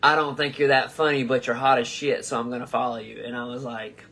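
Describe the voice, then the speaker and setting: A man's voice: medium pitch, level tone, fairly quick, creaky, pushed and bright, a little hiss or hum. A young man hosting his own live comedy stream, reading fan comments aloud and answering them in a rambling, profane, casual way. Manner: rambling and profane, with frequent restarts. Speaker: comedian host of a live show.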